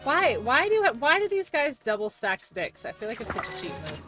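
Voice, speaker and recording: A woman's voice: on the high side, huge pitch swings, brisk, music in the background. A woman in her thirties chatting casually while streaming a game, rambling, laughing often and saying "like" a lot. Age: 30s. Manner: giggly, rambling, heavy use of "like". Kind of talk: casual live-stream chat while gaming.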